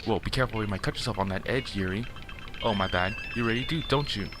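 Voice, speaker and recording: A man's voice: fairly low pitch, a little fast, heavy background noise, lightly acted. A man reading the lines of a small, brash teenage girl from a visual novel, snappy and mocking. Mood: taunting. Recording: game music behind.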